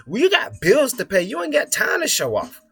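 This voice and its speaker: A man's voice: extremely high pitch, wildly swooping pitch, normal speed, vocal fry. A young man giving a blunt, profane, rambling motivational talk as the host of his own videos. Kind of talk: casual motivational monologue. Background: soft music playing.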